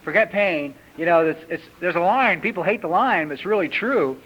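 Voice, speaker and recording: A man in his fifties, a recovery meeting speaker, gives a personal talk full of lively storytelling and acted-out characters, on an old 1980s tape recording. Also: high-pitched, a little fast. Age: 50s. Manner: lively storyteller who acts out characters in raised voices. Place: retreat meeting hall. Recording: dull lo-fi 1980s tape recording with faint hiss.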